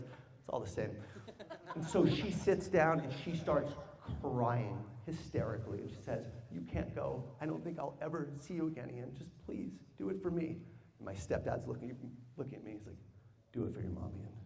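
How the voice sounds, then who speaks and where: A man telling a personal story as a sales speaker to a live audience, animated and humorous, drawing answers from the crowd. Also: fairly high pitch. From United States. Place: large hall with audience. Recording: long hall reverb.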